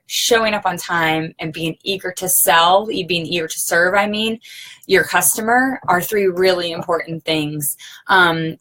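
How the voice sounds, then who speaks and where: A woman's voice: fairly low pitch, fairly bright tone. A woman giving a casual sales training talk, conversational, checking in with her listeners often. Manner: conversational, often checks in with "okay?" and "you know".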